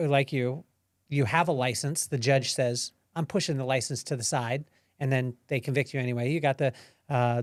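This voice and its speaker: A man's voice: medium pitch, dry recording, studio quality. A man hosting a podcast, asking long, winding questions that restart mid-thought. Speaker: podcast host. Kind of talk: interview questions.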